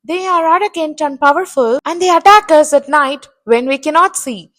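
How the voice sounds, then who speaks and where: A woman's voice: sits high, normal speed, fairly bright tone. A woman voicing a fretful crow king. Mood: commanding. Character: worried commanding male crow king.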